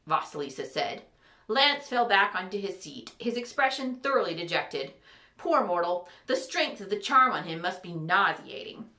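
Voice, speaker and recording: A woman reading a fantasy story aloud, with expressive, animated storybook narration. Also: moderate pace, roomy sound. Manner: animated, with shifting pitch for characters. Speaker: audiobook reader.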